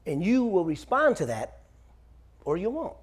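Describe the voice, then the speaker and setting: Lively high-pitched preacher man in his forties. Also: a little slow. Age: 40s. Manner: storytelling with humor, calls out "Amen?" to the room. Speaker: pastor. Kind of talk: sermon. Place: church sanctuary.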